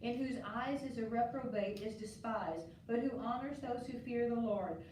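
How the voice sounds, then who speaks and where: A woman reading scripture aloud in a church, in a steady, measured way that lifts on each call to God. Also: on the high side, slight background noise. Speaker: scripture reader. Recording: very echoey, distant mic.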